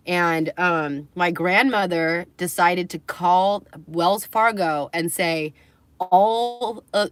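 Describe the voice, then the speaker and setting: A woman's voice: fairly low pitch, a bit bright, dry recording. A young adult woman livestreaming, telling a personal story in a candid, rambling way, swearing and laughing between phrases.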